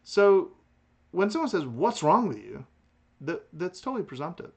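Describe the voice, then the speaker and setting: Man, philosophy instructor, recorded lecture, very expressive pitch, restarts often. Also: normal speed, vocal fry, husky. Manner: animated, lively delivery with frequent restarts and chuckles.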